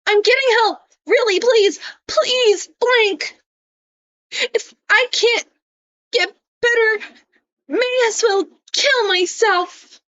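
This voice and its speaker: A woman's voice: very high voice, takes it slowly, a bit bright, highs cut off, pitched above the performer's own voice, exaggerated voice. A woman putting on the voice of a whiny, manipulative young man who sobs and pleads. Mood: pleading. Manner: sobbing, pleading, self-pitying.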